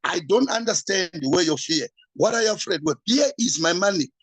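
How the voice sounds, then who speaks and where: A man, a pastor, giving an urgent, repetitive sales pitch at an evening meeting. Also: expressive, moderate pace, a bit bright, husky, dry recording, poor audio. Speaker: pastor promoting a business.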